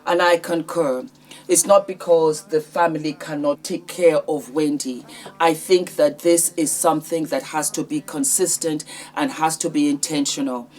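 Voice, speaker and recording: A woman's voice: low-pitched, fairly even intonation, moderate pace, darkish tone. A woman vlogger giving heartfelt, conversational commentary on celebrity news.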